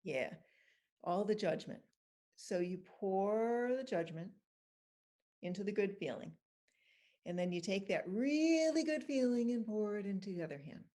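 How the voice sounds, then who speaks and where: A woman's voice: medium pitch, dark tone. A middle-aged woman guest patiently explaining, step by step, how to handle judgment. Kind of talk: calm guided instruction and anecdotes.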